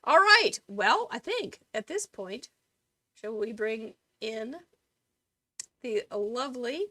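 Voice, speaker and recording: A woman hosting a live crafting show, chatty and enthusiastic. Her voice sits a little high and swings widely in pitch. The mic sound is close and dry. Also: expressive, bright, forceful tone, no echo. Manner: reads viewer names rapidly, chatty and enthusiastic. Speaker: host.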